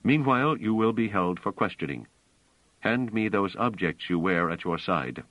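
A man's voice: fairly low pitch, moderate pace, no echo, dull audio, close to an everyday voice. A man doing a cold, commanding guardian robot. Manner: flat, commanding.

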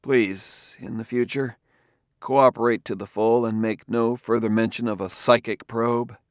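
A man's voice: medium pitch, steady tone, a little slow, dry recording, studio quality, natural voice. A man doing a clipped, insistent detective. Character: determined Earthman detective, man.

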